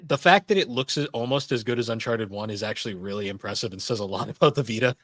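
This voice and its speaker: Guy hosting a gaming podcast, steady and methodical, dry close mic. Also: mid-range voice, fast, no echo. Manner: steady, reviewing games point by point. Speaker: podcast host. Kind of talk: casual podcast chat.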